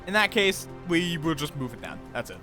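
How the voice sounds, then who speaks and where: A man's voice: on the high side, very animated, brisk, music in the background. A man casually commenting on his live game stream, chatty and thinking aloud, greeting viewers as he builds.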